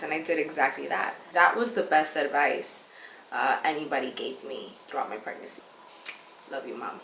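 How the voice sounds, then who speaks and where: A woman's voice: low voice, normal speed, gravelly, a bit bright. A young woman vlogger chatting candidly and casually, with slangy, chatty talk. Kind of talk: casual chat. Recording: echoey room, faint background noise.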